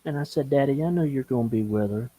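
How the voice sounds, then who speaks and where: A man on a live stream call, telling a personal story slowly and with feeling. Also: mid-range voice, mellow, no echo. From Okeechobee, Florida. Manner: slow, emotional storytelling, breaks into singing gospel and country songs. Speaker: guest.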